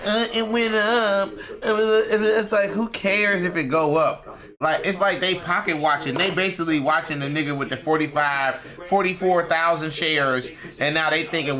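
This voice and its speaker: A man's voice: sits high, normal speed, sharp tone. A man live-streaming while trading stocks, talking in a casual, profane and rambling way.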